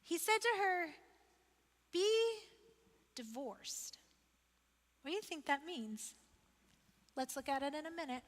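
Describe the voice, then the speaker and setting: A woman pastor with a high, animated voice preaches in a conversational, emphatic style, speaking a little fast with a slightly bright tone. She asks the listeners questions and repeats phrases for effect, all inside the long reverb of a large hall.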